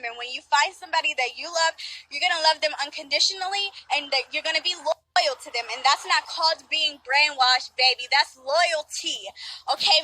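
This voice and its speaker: A woman's voice: sits high, pushed and bright, dry recording, rough recording. A woman in her early twenties ranting in a heated, defiant, emphatic way in a social media video. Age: 20s.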